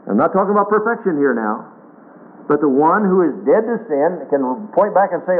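Man, pastor, earnest sermon, fairly high voice, tinny phone-like radio sound. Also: animated, moderate pace. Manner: earnest preaching, quoting scripture in old English.

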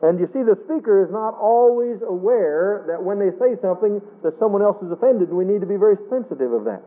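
A man's voice: expressive, brisk. A man preaching a sermon in a folksy, earnest way, rising and falling as he quotes scripture. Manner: folksy, earnest preaching with wide swings in pitch. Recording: tinny phone-line radio broadcast.

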